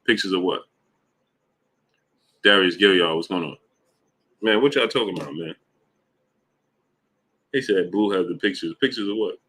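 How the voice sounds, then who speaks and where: A man's voice: low-pitched, normal speed, long pauses, a bit bright, breathy edge. A man hosting a live stream, laughing a lot and greeting viewers by name in casual talk. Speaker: livestream host reading chat.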